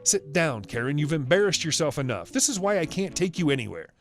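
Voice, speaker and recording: Here is a man doing a weary husband, tired and pleading yet firm. His voice stays fairly high and moves with a lively lilt, with soft music underneath. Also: fairly quick. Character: weary husband of the angry woman.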